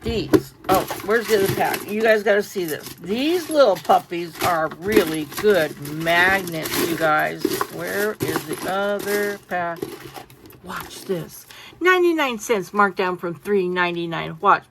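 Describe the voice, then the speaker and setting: A woman chatting casually through a craft-supply haul, animated and full of asides. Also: lowish voice, measured pace, heavy background noise. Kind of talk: casual show-and-tell haul.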